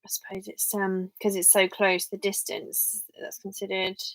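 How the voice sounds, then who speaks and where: Young english woman rambling on a live stream, mid pitch, dry close sound. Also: level tone, normal speed, no room sound, rough recording. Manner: chatty, rambling, thinks aloud while reading comments. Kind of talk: casual live-stream chat. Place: home office.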